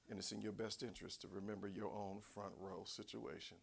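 A man preaching a sermon in a folksy, conversational way, swinging between low asides and shouted cries. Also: steady tone, a little fast, creaky, few pauses, breathy edge. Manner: folksy, conversational, acts out voices. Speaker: pastor.

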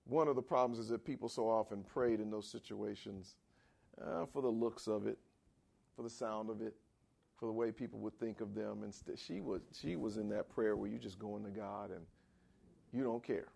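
A man preaching a sermon in a conversational style, asking for amens and swinging between loud and quiet. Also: normal speed, vocal fry, husky. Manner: dramatic swings in pitch and volume. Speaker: pastor.

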